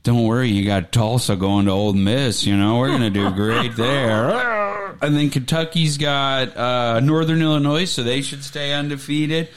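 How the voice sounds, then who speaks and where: A man co-hosting a casual chat, running through a list of upcoming college football games with relaxed, joking, profane remarks. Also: mid-range voice, normal speed, a loud crowd. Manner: laid-back, joking, profane. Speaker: podcast co-host.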